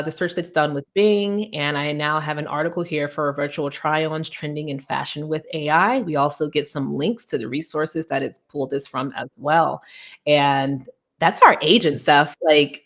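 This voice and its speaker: A young woman giving a casual software demo, chatty and loose, with plenty of fillers as she walks through the steps. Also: sits low, steady tone, normal speed. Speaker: guest presenter demoing software. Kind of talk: casual tech demo chat.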